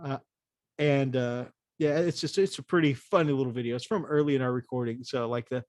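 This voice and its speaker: A male livestream host chatting loosely, circling back on his words with plenty of hesitation. His voice sits mid-pitch and the sound is close and dry. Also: brisk, a little mellow, dry recording. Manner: rambling, many fillers and restarts. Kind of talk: casual livestream chat.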